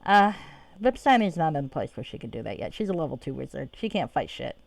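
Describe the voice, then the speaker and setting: A woman's voice: deep voice, big pitch swings, quick pace, creaky, darkish tone. A woman streaming a video game, chatting casually and self-mockingly and swearing freely as she plays. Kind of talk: casual let's-play commentary. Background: game music.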